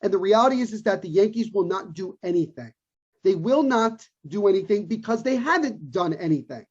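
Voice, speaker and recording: A man with a husky, breathy edge holds forth on a sports podcast, emphatic and opinionated. He hammers his points home by repeating them. The sound is muffled and lo-fi. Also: high-pitched, lively intonation, brisk. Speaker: podcast co-host. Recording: dull lo-fi recording.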